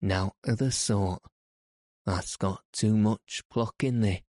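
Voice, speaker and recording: A man's voice: on the low side, steady tone, slow, darkish tone, no echo. A man voicing a crabbed old male gardener with a broad Yorkshire dialect, blunt and dry. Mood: gruff. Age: older.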